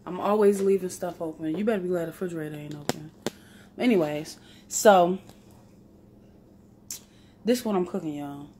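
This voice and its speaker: A woman's voice: fairly low pitch, normal speed, long pauses, mellow, a little hiss or hum. A woman, chatting playfully through a home cooking vlog and laughing at herself. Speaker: vlogger. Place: home kitchen.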